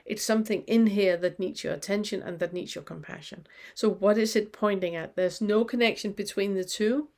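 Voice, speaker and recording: A woman leads a spiritual lesson in a soft, unhurried way. She asks one reflective question after another, pausing to let each one land. Her voice sits in an ordinary middle pitch. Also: fairly even intonation. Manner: slow, gentle questioning with pauses. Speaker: spiritual teacher. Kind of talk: guided spiritual teaching.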